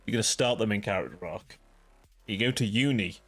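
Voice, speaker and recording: A man's voice: fairly low pitch, fairly quick, a bit bright, slightly rough, soft background music. A man hosting a livestream, chatting casually with viewers in a rambling, profane way, filling his talk with "like". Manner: rambling, profane, ranting, heavy use of "like". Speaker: livestream host.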